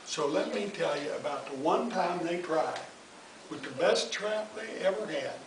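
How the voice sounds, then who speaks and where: A man telling folk tales to his family in an animated, folksy way. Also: fairly high pitch, a little slow. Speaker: family storyteller. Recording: distant echoey noisy home recording.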